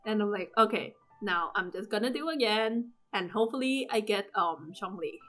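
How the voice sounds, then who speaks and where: A young woman casually recapping her game summons, often jumping into high, loud squeals as she replays her own screaming. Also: lively intonation, moderate pace, few pauses. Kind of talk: casual excited commentary over gameplay. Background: game music.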